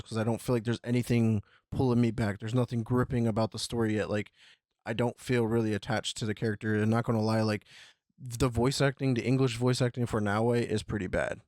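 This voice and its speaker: A man's voice: lowish voice, no room sound. Podcast host, male, candid and casual, dead-dry mic. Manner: relaxed, candid, quick-spoken. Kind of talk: casual gaming podcast chat.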